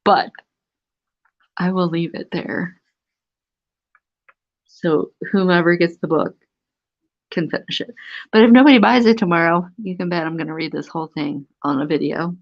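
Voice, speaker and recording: This woman's voice sits on the low side, with vocal fry and frequent pauses at a normal speed. She's an antique book seller running a relaxed live stream, chatty and amused as she dramatically reads from an old magazine, all through dull, lo-fi stream audio.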